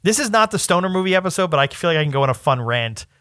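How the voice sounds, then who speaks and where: Young male podcast co-host, lively rambling delivery, bright pitch, dry close mic. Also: rapid-fire, no echo. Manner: animated, rambling, laughs often. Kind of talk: casual chat.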